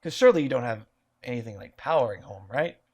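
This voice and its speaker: A man's voice: mid-range voice, expressive, quick pace, a little mellow, breathy edge. A man voicing a polite time-traveling man who has lost his memory, speaking formally and hesitantly. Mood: politely hesitant.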